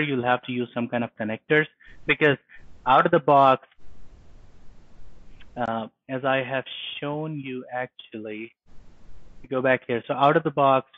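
A man walks through a software demo in a live webinar, stopping often to restart his sentences with lots of "uh"s. The sound is thin and phone-like, and dry with no room to it. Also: mid-range voice, dry recording. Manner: halting, many fillers and restarts. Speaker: presenter. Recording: tinny phone-line audio.

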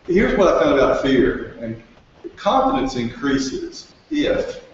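A man's voice: mid-range voice, big pitch swings, takes it slowly. A man telling a wry story at a business workshop. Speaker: entrepreneur at a workshop. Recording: echoey room, distant and lo-fi.

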